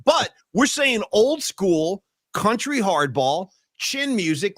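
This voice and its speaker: A man co-hosting a casual sports podcast, telling stories with an animated, emphatic delivery. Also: takes it slowly, no echo, clean studio sound. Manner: animated, storytelling, swings pitch high for emphasis. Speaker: podcast co-host.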